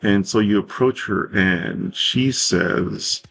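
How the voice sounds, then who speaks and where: A man narrating a tabletop game as game master, in a relaxed, rambling way with fillers and self-corrections. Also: fairly low pitch, slow pace, vocal fry, few pauses, faint music behind.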